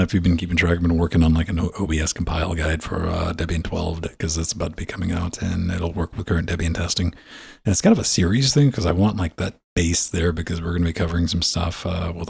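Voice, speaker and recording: Gravelly deep-voiced man rambling. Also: little pitch movement, quick pace, a little mellow, dry recording, studio quality. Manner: rambling, loose, full of fillers. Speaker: podcast host. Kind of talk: casual chat.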